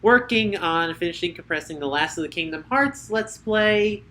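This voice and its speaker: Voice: mid-range voice, lively intonation, normal speed, bright, forceful tone, slight background noise. A podcast host chatting casually and jokingly, rambling with fillers. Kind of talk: casual chat.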